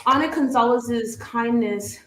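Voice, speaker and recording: A woman's voice: a little high, unhurried, roomy sound, a little hiss or hum, rough recording. A woman coach hosting a livestream, telling a story vividly and laughing often. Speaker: business coach, show host.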